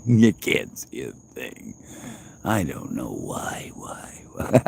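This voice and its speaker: A man's voice: deep voice, big pitch swings, drawn-out words, vocal fry, long pauses, mellow, slight background noise, rough recording. A man hosting a livestream in rambling casual chat, joking and teasing with frequent laughter. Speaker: livestream host.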